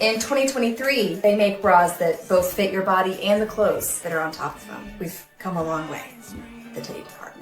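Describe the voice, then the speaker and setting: A woman doing a chatty, breezy sponsored pitch inside a comedy sketch. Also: a little fast, soft background music. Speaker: influencer. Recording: echoey room.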